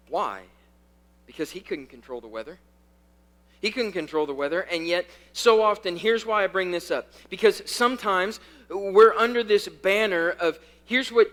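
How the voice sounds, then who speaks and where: A man with a high-pitched voice preaches to a youth group in a casual, conversational way. He swings between loud, quick bursts and hushed, slow lines, and repeats key phrases for emphasis. His tone is bright and forceful. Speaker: youth pastor. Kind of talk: sermon.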